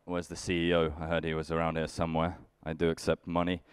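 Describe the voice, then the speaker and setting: A young British man doing a stand-up comedy set on a conference stage, with a dry, self-deprecating, deadpan delivery. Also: low-pitched, fast, clear, resonant tone, no echo. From United Kingdom. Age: young adult. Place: conference stage before a live audience.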